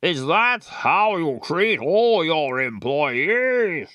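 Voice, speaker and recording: A man's voice: a little high, very animated, very slow, sharp tone, no echo, exaggerated voice. A man voicing a posh, haughty middle-aged father who owns a restaurant, talking down to his grown child. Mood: scolding. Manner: haughty, clipped and condescending.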